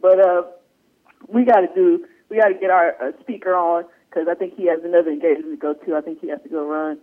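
A man's voice: high-pitched, fairly even intonation, fast. A man co-hosting a radio show in casual joking chat, telling rambling stories with lots of laughter. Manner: rambling, laughing, playful storytelling. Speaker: radio co-host. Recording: tinny phone-like radio audio.

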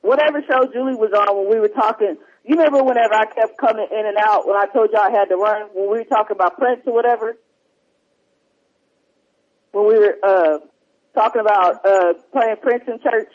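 High-voiced man, husky and rambling. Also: brisk. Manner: rambling, distracted, loose. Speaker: podcast host. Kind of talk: casual chat, reading listener emails. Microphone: headphones, remote line. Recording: dull lo-fi sound.

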